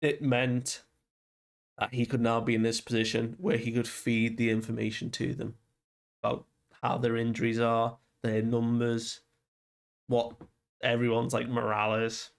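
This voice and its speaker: A man's voice: medium pitch, little pitch movement, a little slow, creaky. A young man casually recapping a comic chapter, rambling and loosely quoting characters with lots of fillers. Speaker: manga reviewer.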